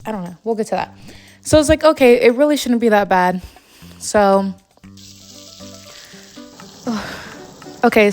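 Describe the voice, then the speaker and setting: At home one night, a young woman vlogger plays a game and rants at length, exasperated and rambling, with plenty of fillers as she tells her story. Her voice is medium-pitched and a little mellow.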